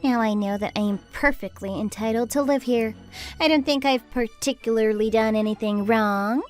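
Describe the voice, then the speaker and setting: A woman voicing an entitled, demanding young sister-in-law who yells and bosses people around. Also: normal speed, faint music behind, close to an everyday voice. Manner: demanding, shrill, yelling. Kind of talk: texting-story voice acting.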